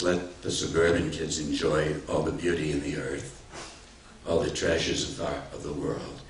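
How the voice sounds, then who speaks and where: A man's voice: deep voice, slight background noise. Older man lecturing in a roomy hall. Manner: storytelling, warm anecdotal delivery with self-deprecating humor. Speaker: author giving a talk. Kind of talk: public lecture with anecdotes. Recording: roomy hall, mic at a distance.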